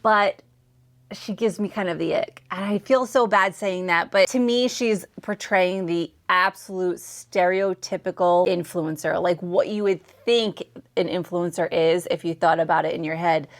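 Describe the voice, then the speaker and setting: A woman's voice: lowish voice, steady tone, measured pace. A woman hosting a reaction video, giving candid opinions with hesitant, apologetic asides. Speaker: commentary host reacting to clips. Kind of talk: casual opinion commentary.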